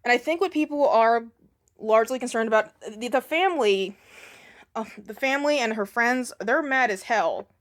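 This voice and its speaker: A woman's voice: fairly high pitch, moderate pace. A woman giving a casual commentary rant in reply to another video, sarcastic and profane, with frequent ums.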